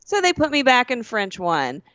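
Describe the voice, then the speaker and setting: A woman's voice: a little high, wildly swooping pitch, moderate pace, fairly bright tone, no room sound, lo-fi sound. A woman co-hosting a podcast, telling a rambling school story in casual chat and correcting herself as she goes. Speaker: podcast co-host.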